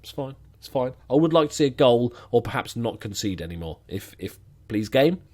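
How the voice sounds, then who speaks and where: A man's voice: medium pitch, sing-song, brisk, dark tone. A man giving sarcastic, muttering commentary while playing a football management game. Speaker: gaming commentator.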